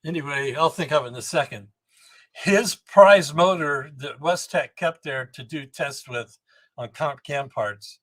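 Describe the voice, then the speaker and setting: A man in his seventies, guesting on a storytelling podcast interview, spins rambling, animated anecdotes about building engines. His voice runs on the high side and he takes his time, often starting his sentences over.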